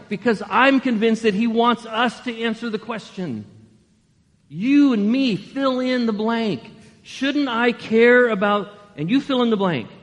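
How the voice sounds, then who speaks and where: Man in his 60s, pastor, sermon, rhetorical questions, echoing sanctuary. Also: high voice. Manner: animated, conversational preaching with rhetorical questions.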